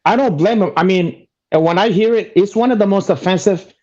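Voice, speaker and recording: A man's voice: high-pitched, fairly quick, darkish tone. A man co-hosting a casual podcast chat, rambling and cursing in loose, broken grammar. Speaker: co-host. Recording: dull lo-fi audio.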